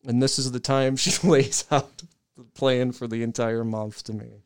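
A young man on a podcast, telling a long profane story in a casual, animated way and laughing as he goes. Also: mid-range voice, normal speed, smooth. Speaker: podcast co-host.

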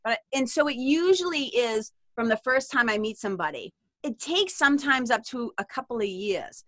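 A woman with a Boston accent appears as a podcast guest in a casual interview, chatting in a loose, animated way and laughing and swearing freely. Her voice is bright and slightly high, and she speaks at a normal pace. The recording is close and dry.

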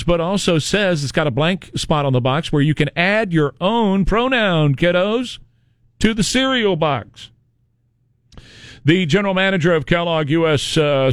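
Sarcastic male talk host, slightly high voice, dry close sound, mocking rhetorical delivery. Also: a bit bright, dry recording. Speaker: political commentary host. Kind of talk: opinionated monologue.

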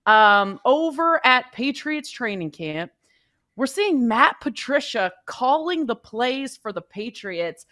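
High-voiced woman sports talk host. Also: big pitch swings, slow pace, pushed and bright, no room sound, clean studio sound.

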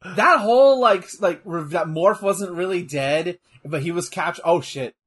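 A man chatting casually while watching a match, excitable and exclaiming at the action with plenty of swearing. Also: high-pitched, normal speed, husky. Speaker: co-host. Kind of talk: casual watch-along chat.

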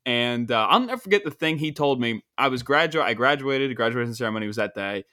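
A man's voice: medium pitch, animated, pushed and bright, no room sound, studio quality. A young man in his twenties, a comedian chatting with his father and telling stories with a joking manner. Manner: jokey, storytelling, quick laughs. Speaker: comedian and podcast host. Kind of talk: casual chat with his father. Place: room at home.

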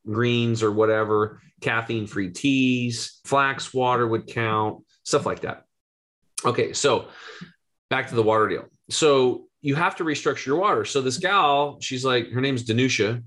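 A man in his forties, a health coach, telling an animated story in an interview and acting out the voices he quotes. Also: mid-range voice. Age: 40s. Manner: excitable, rapid, acts out quoted voices.

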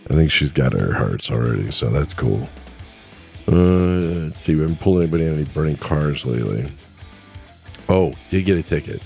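A man's voice: a bass voice, gravelly, mellow. A middle-aged man hosting his own podcast, chatting in an easygoing, rambling, self-deprecating way about his trucking life. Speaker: podcast host and truck driver. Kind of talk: casual solo podcast chat.

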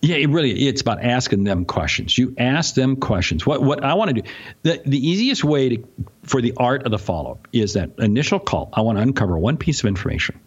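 A man speaking as a sales expert guest in a podcast interview, ranting in an animated way and often interrupting himself. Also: medium pitch, fairly quick, husky, muffled recording.

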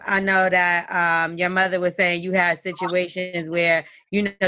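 A woman's voice: on the low side, bright, forceful tone, no room sound. A woman interviewing a guest in a casual chat, laughing often and asking probing questions.

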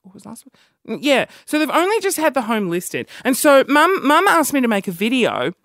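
Aussie woman rambling on, self-mocking, really bouncy pitch, dry close sound. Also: very animated, normal speed, fairly bright tone, no room sound. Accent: Australian. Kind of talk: casual monologue.

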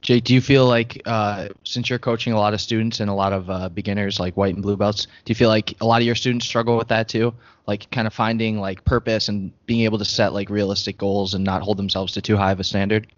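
A man with a low voice hosts a casual interview and laughs easily. The sound is dry, close and dull. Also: little pitch movement, quick pace, few pauses, no echo. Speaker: podcast host. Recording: dull lo-fi podcast audio.

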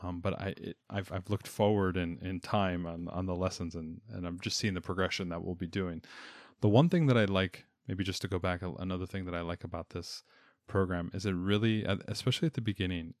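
A man's voice: sits low, steady tone, brisk, few pauses, dry recording, studio quality. A man, a homeschooling parent, talking casually about a reading program, often restarting and repeating words. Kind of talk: casual podcast chat.

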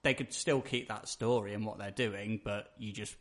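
A lower-pitched man talking on a casual podcast. He hesitates often, stumbling and repeating words as he works out what he means. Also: steady tone, moderate pace, fairly bright tone.

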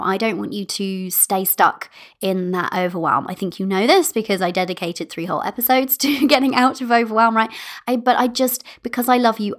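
A woman talking straight to her listeners in a solo podcast, upbeat and playful, with frequent giggles. Her voice sits at an ordinary middle pitch, and she speaks warmly and affectionately. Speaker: podcast host and manifestation coach. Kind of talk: casual solo podcast chat.

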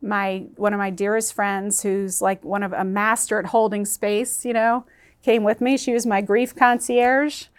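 A woman sits as a guest in an interview and tells a painful personal story. Her voice sits at a middle pitch. She is earnest and emotional, and she halts at times. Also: flat delivery, a little slow, smooth.

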